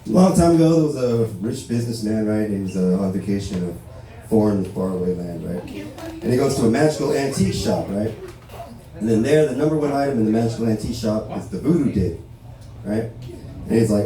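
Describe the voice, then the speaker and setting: Heard from a far-off mic in a very echoey barbershop, a stand-up from Los Angeles tells casual, profane stories and keeps adding "right?" to his lines. The voice is lowish and dark-toned, animated, and a little fast.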